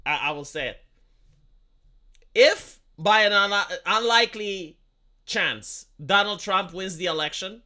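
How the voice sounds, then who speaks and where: On a live stream, a man delivers a casual political rant in a bright, sharp voice that swings widely in pitch. He's heated and argumentative, swearing freely, stammering over repeated words, and firing rhetorical questions at his audience.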